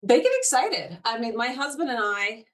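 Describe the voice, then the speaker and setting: A woman's voice: fairly high pitch, sing-song, normal speed, far from the mic. A woman representing a parks foundation as an interview guest, talking eagerly and at length with frequent fillers. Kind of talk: enthusiastic podcast conversation.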